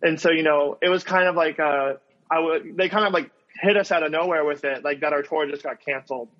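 A man's voice: fairly high pitch, brisk. A young man rambling through a story on a video call, with constant "like" fillers and restarts. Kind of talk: casual video call chat. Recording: dull lo-fi call audio.

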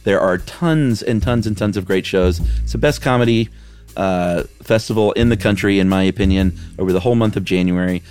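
A man's voice: deep voice, brisk, darkish tone, faint music behind. A man co-hosting a podcast in easygoing casual chat, stuffy from a head cold. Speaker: podcast co-host.

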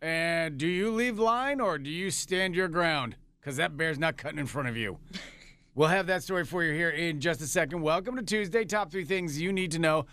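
High, bright-voiced joking radio man. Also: moderate pace, smooth, dry recording, soft background music. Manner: playful, teasing, mock-innocent. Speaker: radio morning show co-host. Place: radio studio.

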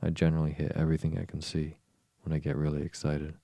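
A man with a very deep voice, reading the lines of a sulky, grave twin brother in a bedtime storybook. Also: monotone, fast, warm tone, no room sound. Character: sulky gloomy boy twin.

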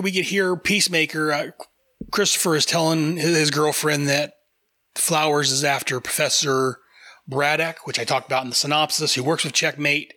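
An enthusiastic man chats casually as a host, rambling along with frequent fillers. His voice sits a little high and sounds bright. The sound is close and dry. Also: no echo. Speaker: podcast host reviewing comics. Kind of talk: casual review chat.

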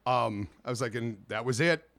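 A man's voice: medium pitch, moderate pace, vocal fry, fairly bright tone. A man chatting casually, with wry, sarcastic asides. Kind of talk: casual chat.

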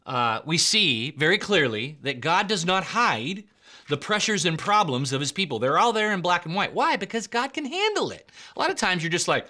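A man's voice: high voice, very animated, moderate pace, sharp tone. A man preaching a sermon in an emphatic way, repeating key points and calling his listeners guys and bro. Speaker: pastor.

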